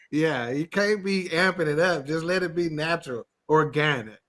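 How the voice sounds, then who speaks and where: A man's voice: fairly high pitch, normal speed, fairly bright tone. A man co-hosting a podcast, chatty and explanatory, laughing often. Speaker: podcast co-host. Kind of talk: casual chat.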